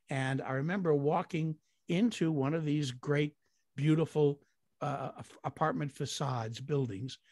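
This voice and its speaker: A man's voice: on the high side, darkish tone, dry recording, clean studio sound. An older man, a guest actor, telling long rambling anecdotes in an interview with chuckles along the way. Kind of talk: storytelling in an interview.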